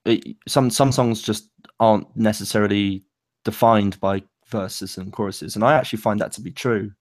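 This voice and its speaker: A young man co-hosting a casual chat about songwriting, talking loosely with many fillers and pauses. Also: fairly low pitch, steady tone, no room sound, clean studio sound. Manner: loose, lots of fillers and likes, pace speeds up and slows. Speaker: co-host.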